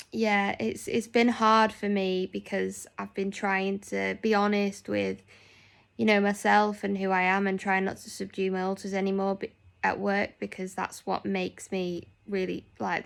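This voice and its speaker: Chatty woman with a creaky voice. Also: medium pitch. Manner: rambling, chatty, heavy on fillers. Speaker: nurse. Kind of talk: casual vlog chat.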